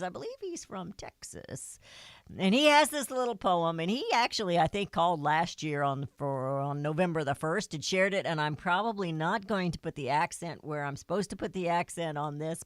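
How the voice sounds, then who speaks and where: A woman hosts a talk radio show with a slightly low voice. She talks in an earnest, folksy way, close to the mic in a dry studio with no room echo. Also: brisk.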